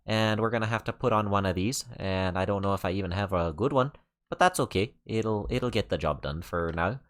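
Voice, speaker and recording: A man's voice: on the low side, fairly quick, lightly acted. A man voicing an exaggerated Canadian-accented gamer in let's-play commentary, rambling with many fillers. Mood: chatty. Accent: put-on Canadian.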